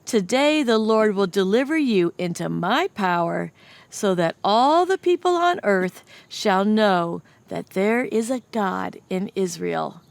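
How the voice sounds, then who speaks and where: A woman voicing a brave, faithful young shepherd boy in a Bible story lesson for children, speaking slowly and earnestly. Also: medium pitch, animated, creaky, dry recording. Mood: bold. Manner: earnest, slow and emphatic.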